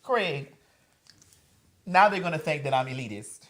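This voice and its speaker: A woman from Atlanta, chatting as a podcast guest in a brash, profane, animated storytelling manner. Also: deep voice, unhurried. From Atlanta, Georgia, USA. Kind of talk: casual podcast chat.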